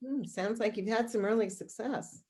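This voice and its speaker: A woman's voice: a little high, moderate pace, darkish tone, close to an everyday voice. A woman playing an encouraging, polite theatre administrator in a remote play reading over a video call.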